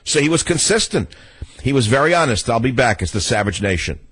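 A man's voice: mid-range voice, sing-song, brisk, a bit bright, slightly rough. An older man hosting a political talk radio show, ranting in a combative, sarcastic way.

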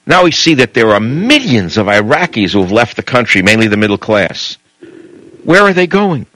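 A man's voice: fairly low pitch, big pitch swings, a little fast, pushed and bright, no echo, low-quality recording. A man hosting a talk radio show, delivering a blunt, combative monologue straight into the studio mic.

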